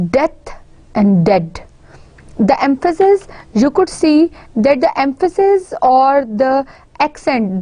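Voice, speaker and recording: A woman with a Pakistani English accent giving a university lecture, explaining slowly and repeating the example words. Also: high voice, a little mellow, no room sound.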